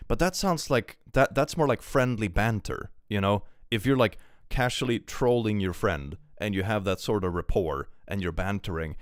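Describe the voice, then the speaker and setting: A man's voice: on the low side, moderate pace, hardly any pauses, smooth, no room sound, studio quality. A man casually commenting on a live stream, reading posts aloud and reacting with a chatty, rambling manner and frequent laughs.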